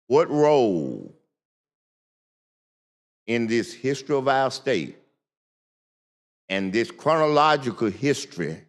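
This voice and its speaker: An older man, a state senator, speaking slowly and deliberately in a floor debate, repeating words for emphasis. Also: medium pitch, sing-song. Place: legislative chamber. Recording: long reverb of a large chamber.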